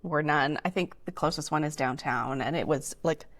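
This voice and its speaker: A woman from Canada co-hosting a podcast, telling stories in a chatty, animated way with many restarts. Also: sits low, normal speed. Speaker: podcast co-host. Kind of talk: casual chat.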